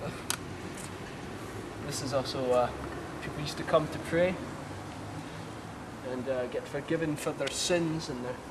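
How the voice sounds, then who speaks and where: A man hosting a spoof town tour, talking outdoors in a rambling, deadpan way with swearing asides. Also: on the high side, measured pace, long pauses. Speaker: spoof town guide host. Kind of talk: mock-serious walking tour monologue. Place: outdoors in town streets, windy. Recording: windy outdoor sound, far from mic.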